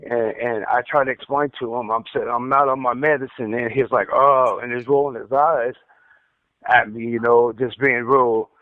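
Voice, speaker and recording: A man's voice: mid-range voice, fairly even intonation, normal speed, dry recording. A man with a stutter telling his story on a recorded phone call, rambling and repeating himself. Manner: rambling, repeats words, heated when recounting. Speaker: inmate telling his account. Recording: tinny prison phone line.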